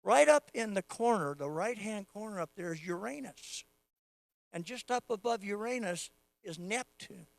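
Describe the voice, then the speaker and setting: A man preaching a sermon, moving from casual teaching to loud, fervent prayer. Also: sits high, expressive, normal speed, gravelly, no room sound. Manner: acts out quoted voices of God playfully. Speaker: pastor.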